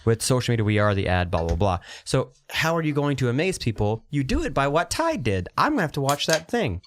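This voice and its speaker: A man's voice: mid-range voice, very animated, a little hiss or hum. Rambling joking podcast co-host, man. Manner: rambling, joking, quick asides. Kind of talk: casual podcast banter.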